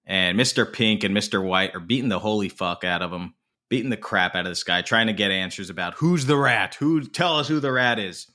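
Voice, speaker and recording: A man co-hosting a casual film podcast, retelling a movie scene in animated detail with plenty of swearing. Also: fairly low pitch, brisk. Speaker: podcast co-host.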